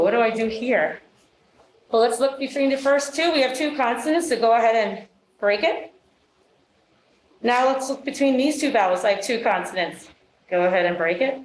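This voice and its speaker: A woman teacher leading a phonics lesson, encouraging and upbeat as she coaches young students. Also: a little high. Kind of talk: classroom phonics instruction. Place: classroom. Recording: echoey classroom with crowd noise. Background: children's voices.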